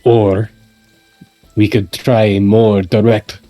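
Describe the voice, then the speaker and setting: A stern, suspicious male adventurer with a faintly villainous edge, voiced by a man at the gaming table. His voice sits a little low and his delivery is measured and insistent, pressing each point home. Faint music plays underneath. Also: flat delivery, warm tone. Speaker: tabletop game player. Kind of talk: in-character tabletop role-play.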